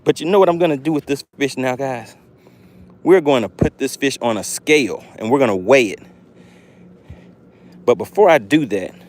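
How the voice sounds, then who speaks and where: Animated man hosting a fishing stream. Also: a little high. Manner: excited, talks directly to chat viewers. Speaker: fishing livestream host. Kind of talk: live fishing stream commentary.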